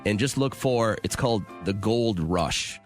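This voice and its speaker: A man co-hosting a radio show in casual banter, his pitch rising and falling in a lively way. He sounds enthusiastic and teasing, with faint music running behind him. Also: unhurried.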